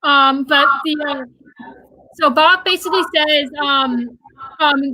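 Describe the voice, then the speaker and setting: Bright, fast-talking excited young woman. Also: high voice, dry recording, rough recording. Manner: fast, excited, stumbling over words. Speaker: guest, theater fan. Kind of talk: excited livestream chat.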